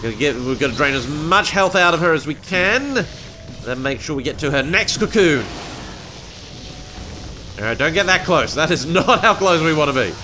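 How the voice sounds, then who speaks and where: A man giving casual, excitable commentary as he plays a video game, talking to himself as he goes. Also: a little high, normal speed, background noise. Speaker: gameplay streamer. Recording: game music behind.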